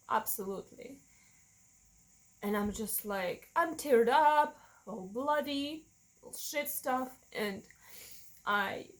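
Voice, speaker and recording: A woman's voice: on the high side, low-quality recording. Frank woman telling a personal story. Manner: emotional and frank, with many restarts and self-corrections; acts out other people in quoted asides. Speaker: vlogger sharing a personal story.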